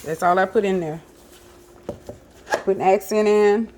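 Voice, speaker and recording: A woman's voice: mid-range voice, steady tone, measured pace, a little mellow, a little hiss or hum. Chatty woman cooking at home. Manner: chatty, talks to viewers as y'all, many fillers. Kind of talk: casual kitchen vlog chat. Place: home kitchen.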